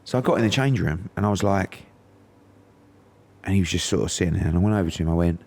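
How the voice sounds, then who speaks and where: A man's voice: sits low, fast talker, gravelly, a little mellow. A middle-aged man from England, a podcast guest telling a story in casual chat and acting out quotes in raised voices.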